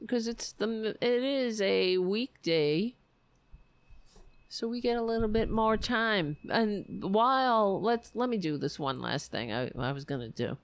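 A woman's voice: mid-range voice, expressive, unhurried, clear, resonant tone, no room sound. A woman hosting a political podcast livestream, talking in a sarcastic, mocking and profane way, rambling and correcting herself as she goes.

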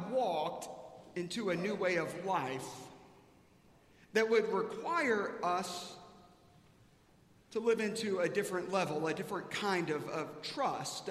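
A man's voice: high voice, fairly bright tone. A male pastor preaching a sermon and telling a personal story, acting out the voices of the people he quotes. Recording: echoey hall with faint ambience.

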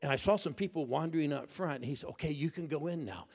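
An older man preaching a storytelling sermon to a congregation in a church, animated and building to excited shouts. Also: on the high side, fast talker. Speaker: pastor. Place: church auditorium. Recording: echoey church hall.

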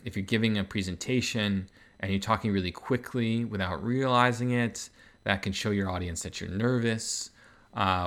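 Male podcast host, deep voice, easygoing explainer with filler words. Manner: relaxed, explanatory, many fillers. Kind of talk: casual explanatory podcast talk.

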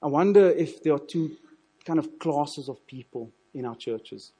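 Male preacher, sermon, husky, mellow dark tone, earnest, repeats words. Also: a little high, animated, a little slow. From South Africa. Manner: earnest, repeats words when building a point.

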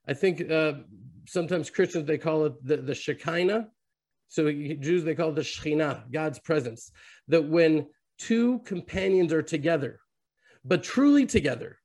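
A man's voice: fairly high pitch, darkish tone. A man giving a Bible teaching as a storyteller, weaving Hebrew terms into his sermon over a video call. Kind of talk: sermon to an online fellowship.

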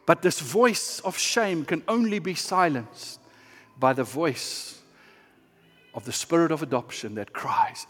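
A man preaching a sermon as pastor, earnest and shifting between hushed and impassioned delivery. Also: fairly high pitch, animated, normal speed, big-room sound.

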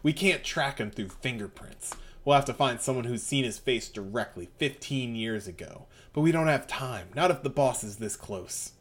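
A man voicing a calm, determined young gang leader in a game, giving measured commands. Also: medium pitch, lightly acted. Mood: grim. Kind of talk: reading game dialogue aloud.

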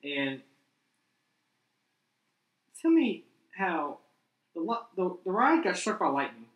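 A man's voice: high voice, big pitch swings, takes it slowly, lo-fi sound. A young man chatting casually, rambling with lots of "like" as he tells a story. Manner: rambling, many "like" fillers. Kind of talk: casual chat. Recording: roomy, from far off the mic.

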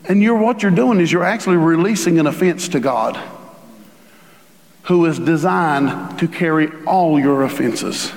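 A man preaching a sermon as a pastor, animated and acting out the voices he quotes. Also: on the high side, unhurried, gravelly. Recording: reverberant hall.

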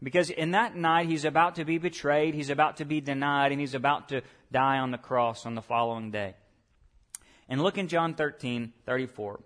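Pastor guy preaching in church, kinda high voice, gets loud then drops soft, keeps asking the crowd stuff. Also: fairly even intonation, normal speed. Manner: swings between soft asides and raised emphatic preaching; talks to the congregation directly with questions. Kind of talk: sermon.

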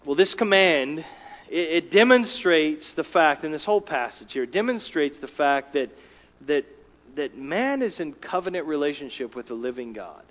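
A man preaching a sermon, emphatic, rising in volume for key words and dropping low and quiet between them. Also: lively intonation, normal speed. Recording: dull lo-fi sound.

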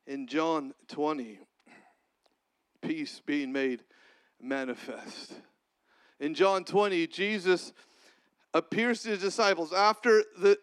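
Male pastor, sermon, smooth resonant voice, long pauses, drops to near-quiet. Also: sits high. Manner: preaching with long pauses and sudden soft drops.

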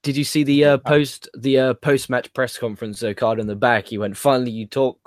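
Man, brisk casual chat, swears, laughs a lot, dry close sound. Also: mid-range voice, no echo. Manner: chatty, swears, laughs at his own jokes. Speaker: podcast host.

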